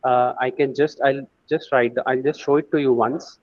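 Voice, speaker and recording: A man's voice: medium pitch, steady tone, normal speed, no room sound, dull audio. A man teaching a screen-share coding lesson, thinking aloud with many fillers and restarts. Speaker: AI course instructor.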